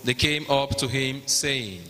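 A man with a Nigerian accent narrating the Passion at a liturgy, in a measured, even reading. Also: medium pitch. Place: large cathedral. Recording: long cathedral reverb.

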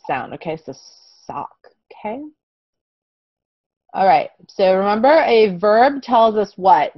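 Slow, clear woman teaching phonics. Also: medium pitch, dry recording. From United States. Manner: slow, clear, encouraging, repeats letter sounds. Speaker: kindergarten English teacher. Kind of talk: online phonics lesson for young children. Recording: dull, dry lo-fi sound.

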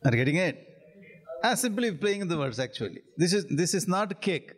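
Leading an interactive scripture class, this spiritual teacher speaks with an Indian English accent in a high, expressive voice. He keeps asking things like "are you getting it?", laughs softly a lot, and stretches out Sanskrit recitations slowly.

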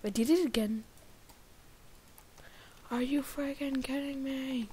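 An excitable woman with an Indian accent narrates her game in a slow, drawn-out way, her voice sitting fairly high. She drops into muttered whispers to herself, then bursts out loud. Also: a little hiss or hum. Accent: Indian English. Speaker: gamer. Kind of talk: let's-play commentary.

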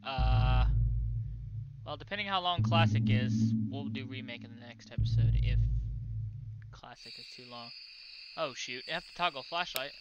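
A man's voice: mid-range voice, normal speed, long pauses, lo-fi sound, very noisy. A young man commentating a horror game, jittery and jokey, chatting to the monster chasing him. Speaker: gaming YouTuber.

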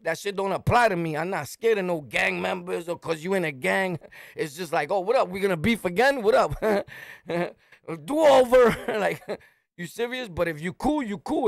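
A middle-aged man from Brooklyn with a New York accent, telling a street story in a swaggering, animated way and shouting his punchlines. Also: high voice, gravelly, dry recording, studio quality. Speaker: storyteller, channel host.

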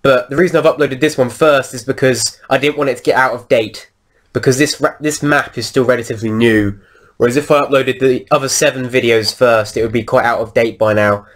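Rambling gaming commentator. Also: male voice, medium pitch. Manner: rambling, lots of ums and restarts while he plays. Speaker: gameplay video host. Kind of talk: casual game commentary.

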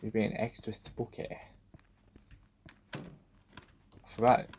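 Deep-voiced guy playing a spooky game, mutters, swears a lot, keeps yelping out loud. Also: level tone, takes it slowly, slight background noise. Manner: jumpy, swearing, talks to himself, sudden loud outbursts. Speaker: gaming video creator. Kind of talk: let's-play horror game commentary.

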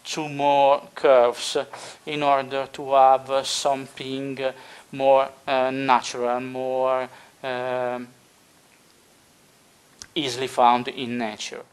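A man explaining his model-building project step by step, with many pauses and filler sounds. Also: medium pitch, monotone, clean tone. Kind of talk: unscripted tutorial narration.

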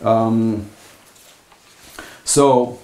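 Man, philosophy lecturer, academic conference talk, halting and thoughtful, roomy lecture hall sound. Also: on the low side, fairly even intonation, darkish tone. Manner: halting, thoughtful delivery with frequent pauses.

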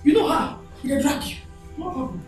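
An actress with a Nigerian accent playing a quarrelsome pregnant wife in a film, speaking in a combative, scolding way. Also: female voice, high voice, moderate pace, darkish tone, roomy sound, faint music behind, natural voice. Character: pregnant young wife, quarrelsome and sharp-tongued. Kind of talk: Nollywood film acting.

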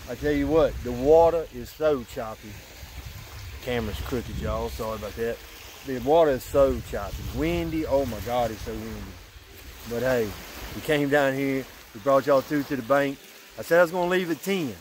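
A man vlogging from a riverbank at night, excitable and out of breath after a catch, saying "y'all" a lot. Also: medium pitch, moderate pace, a little hiss or hum. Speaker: fishing vlogger. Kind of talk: excited outdoor vlog talk.

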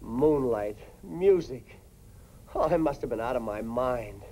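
A man's voice: mid-range voice, expressive, measured pace, dark tone, rough recording. A flustered, stammering father. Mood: nervous. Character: flustered middle-aged father in a jam. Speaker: father in a sitcom. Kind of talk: 1950s TV sitcom acting.

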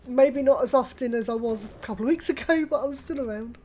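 An older British woman hosting her own gaming channel, chatting excitedly through gameplay and with friends on voice chat. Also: fairly high pitch, a little hiss or hum. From United Kingdom. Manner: chatty, excitable, quick exclamations. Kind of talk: casual gameplay commentary.

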